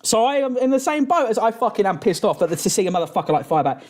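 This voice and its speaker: Fields: Man. Style: swearing, lively reaction rant. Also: sits high, fast. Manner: angry, swears constantly, rambling restarts. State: drinking during stream. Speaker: streamer reacting to a video.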